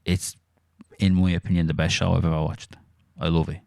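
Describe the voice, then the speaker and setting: An Irish man chatting casually on a podcast, sweary and animated as he tells stories. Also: sits low, brisk, creaky, no echo, clean studio sound. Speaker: podcast co-host. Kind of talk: casual chat.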